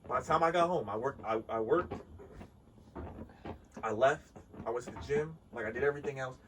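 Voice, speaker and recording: A man casually telling a story on a podcast, animated and profane, laughing often. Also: mid-range voice, fairly quick. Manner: animated, laughing, swears freely. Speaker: podcast co-host. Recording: distant mic with clear background noise.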